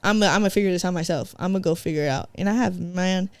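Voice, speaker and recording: A woman's voice: on the low side, rapid-fire, clean tone, dry recording, studio quality. A woman from San Diego, a podcast guest, telling her own story in a slangy, casual way that is full of "like" and "bro". She acts out her past self and slips in Spanish phrases. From San Diego, California.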